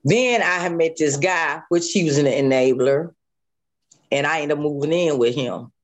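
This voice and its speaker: A woman's voice: low voice, normal speed. A woman guest telling a harrowing personal story in an interview, vividly and emotionally, repeating phrases and sometimes close to tears. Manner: vivid retelling with repeated phrases and sound effects; voice rises and falls sharply with emotion.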